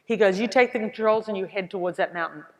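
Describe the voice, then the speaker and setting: A woman's voice: mid-range voice, fast talker. A middle-aged woman with an Australian accent gives an inspirational keynote, telling her story with acted-out dialogue. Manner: animated storyteller acting out dialogue with laughs. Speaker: keynote speaker. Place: large hall. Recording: hall with long reverb.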